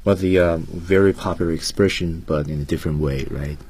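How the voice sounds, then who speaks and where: A man co-hosting a radio English lesson, explaining patiently with fillers and halting English, a Chinese speaker. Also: low voice, fairly even intonation, a little mellow, slightly rough, no room sound. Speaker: radio English teacher co-host.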